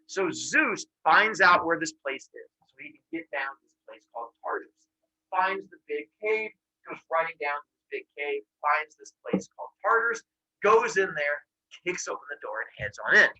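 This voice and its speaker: Lively husky-voiced storyteller man. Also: fairly high pitch, low-quality recording. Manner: lively, quick scene-setting. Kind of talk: animated storytelling for kids. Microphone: video call.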